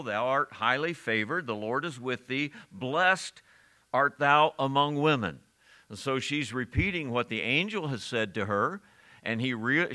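A man with a mid-range, pushed, bright voice preaches a sermon. He reads scripture aloud and puts questions to the congregation, often chuckling as he goes.

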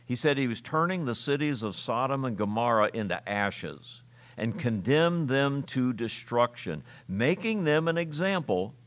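A man's voice: mid-range voice, a bit bright. A middle-aged man preaching a sermon as pastor, reading scripture aloud in an earnest voice with emphatic rises.

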